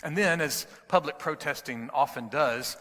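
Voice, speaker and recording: A man preaching a sermon as pastor, swinging from loud emphasis to a hushed whisper. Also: a little high, moderate pace. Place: church sanctuary. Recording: hall reverb.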